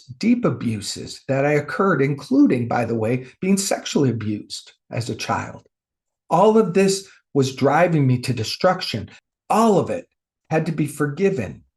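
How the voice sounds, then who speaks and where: Expressive man sharing a spiritual testimony. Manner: emotional, swings between loud outbursts and hushed lows. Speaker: spiritual teacher.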